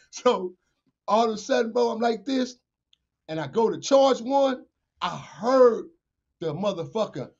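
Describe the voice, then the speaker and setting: A man, a podcast guest telling a street story with profanity, acted-out dialogue and shouted sound effects. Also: sits high, sing-song, unhurried, vocal fry, slightly rough. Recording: dull lo-fi podcast audio.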